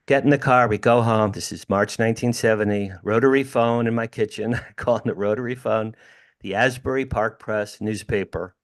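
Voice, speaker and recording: An older man from New Jersey tells his story with animation and emphasis, calling the host by name as he goes. His voice sits somewhat low, and he speaks from a room at home over a video call. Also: fairly even intonation, moderate pace. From New Jersey, USA. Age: 60s. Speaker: podcast guest. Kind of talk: storytelling in an interview.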